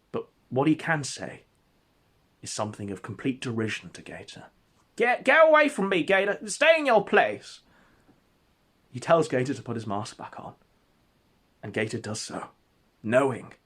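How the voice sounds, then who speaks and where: Man, husky voice, lively pitch, deadpan mock-epic comedic storytelling.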